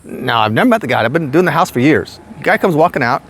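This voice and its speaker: Lively older man telling stories. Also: fast talker, slightly rough. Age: 60s. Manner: animated, rambling, jumps high when quoting himself. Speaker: vlogger telling work stories. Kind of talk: casual storytelling.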